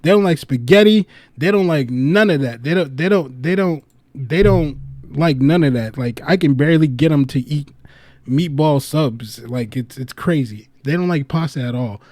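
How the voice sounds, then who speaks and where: A man hosting a loose livestream chat, pitch sitting a bit high for a guy, swearing and laughing as he rambles through stories. The sound is dry and close, with no room around it. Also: moderate pace, no echo. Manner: animated storytelling, laughs a lot, swears freely; loose, rambling delivery with restarts. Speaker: livestream host.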